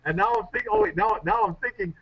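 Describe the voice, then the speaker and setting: A man speaking as a guest on a radio interview, a public speaking coach telling stories in an animated, self-deprecating way. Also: sits high, quick pace, husky. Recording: muffled radio show audio.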